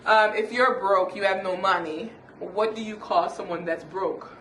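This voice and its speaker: Lively Jamaican woman hosting a chat. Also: mid-range voice, normal speed. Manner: lively, playful, laughs often. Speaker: YouTube host. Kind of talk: casual chat. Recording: echoey room, faint noise.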